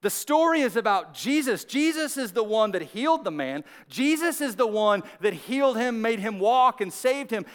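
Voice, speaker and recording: High-voiced man preaching an animated sermon. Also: moderate pace, few pauses. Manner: animated storytelling, acting out characters, frequent "like" and "right?". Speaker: pastor. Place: church service with several campuses.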